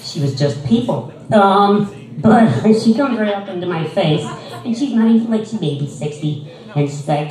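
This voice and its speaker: A man's voice: high-pitched, expressive, normal speed, a little mellow, distant mic. A man doing stand-up comedy, telling his stories in a dry, crude, rambling way, full of hesitant fillers. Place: comedy stage. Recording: echoey room, mic heard from afar.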